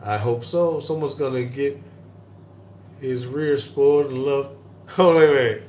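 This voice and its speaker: A man's voice: mid-range voice, measured pace, darkish tone. Chill guy chatting with viewers on a livestream, echoey airport, faint hum behind. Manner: laid-back, chatty, laughs often. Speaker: cooking channel host. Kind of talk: live-stream Q&A reading viewer comments. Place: airport lounge.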